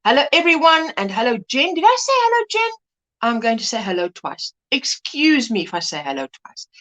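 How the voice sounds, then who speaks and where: A woman chats away on her livestream, greeting one viewer after another by name and laughing often. Her voice sits high and swoops up and down with bright expression, like a friendly host chatting from her home setup.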